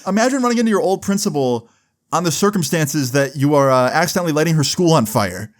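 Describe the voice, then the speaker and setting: A man's voice: a little high, expressive, fast. Casual, swearing young man telling a story. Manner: casual, profane, lots of fillers. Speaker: vlogger. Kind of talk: storytime vlog.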